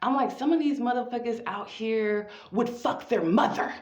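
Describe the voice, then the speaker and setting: A woman performing a profane, theatrical spoken-word monologue with drawn-out phrasing. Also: a little high, darkish tone. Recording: echoey, dull lo-fi room recording.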